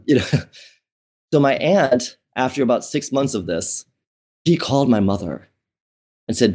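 A man's voice: medium pitch, expressive, slow, long pauses, darkish tone. A man recounting a personal story in a conversational interview, chatty and candid, with fillers, restarts and frequent laughs. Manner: laughs often while telling. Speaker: interview guest.

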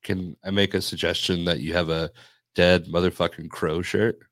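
A man's voice: low voice, little pitch movement, normal speed, fairly bright tone, dry recording, clean studio sound. A man hosting a podcast, chatting casually and reacting to the guest with short replies. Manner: brief backchannel reactions. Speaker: podcast host.

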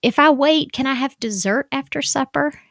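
A woman's voice: sits high, moderate pace, vocal fry, fairly bright tone, no echo, studio quality, voice pushed up. A woman voicing her young daughter, pleading and whining in a raised, childish tone. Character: whiny young girl asking for things.

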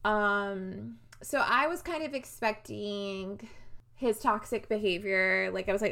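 A young woman co-hosting a casual book-club podcast who rants in an animated way and swears freely. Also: mid-range voice, unhurried, vocal fry. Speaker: podcast co-host.

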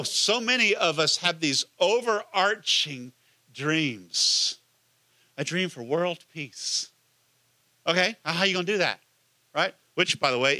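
A man's voice: fairly high pitch, pushed and bright, no room sound. A man, a pastor, preaching a conversational sermon and asking the listeners many questions.

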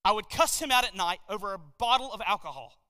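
A man preaching a sermon from a church podium, swinging from quiet passages to loud, emphatic declarations. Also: sits high, expressive, quick pace, long reverb tail. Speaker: pastor.

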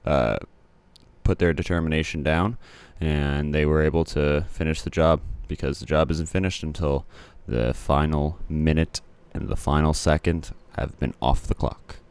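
Very deep-voiced man, casual rambling. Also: fairly even intonation, normal speed, darkish tone, smooth, no echo. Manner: rambling, many "uh" and "um" fillers, blunt asides. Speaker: commentator recapping sports results. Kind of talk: casual solo commentary.

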